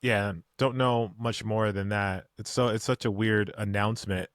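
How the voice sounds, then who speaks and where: A man's voice: lowish voice, steady tone, normal speed, no echo, clean studio sound. A middle-aged man co-hosting a podcast in casual chat, joking about himself. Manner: joking, self-deprecating. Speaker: podcast co-host.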